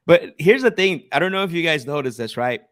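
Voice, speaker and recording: A man's voice: fairly high pitch, a bit bright, no echo. Assertive male sales coach, dry sound. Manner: assertive, teaching tone with frequent restarts. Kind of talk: live coaching stream with cold calls.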